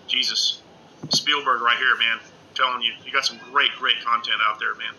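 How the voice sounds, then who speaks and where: A middle-aged man chatting casually on a live stream from home, rambling excitedly and calling everyone "man" with lots of uh's. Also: mid-range voice, moderate pace, a little hiss or hum, rough recording. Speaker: ghost-hunting live streamer. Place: indoors at home under a lamp.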